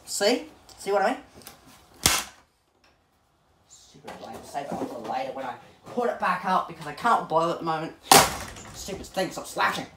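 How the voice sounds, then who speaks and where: A man's voice: a little high, lively intonation, moderate pace, pauses often, very noisy. A man, vlogging from a small home studio and muttering in exasperation as he scolds a machine. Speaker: channel host. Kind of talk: casual vlog commentary while smashing a fan. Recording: echoey room, mic far off, loud clattering.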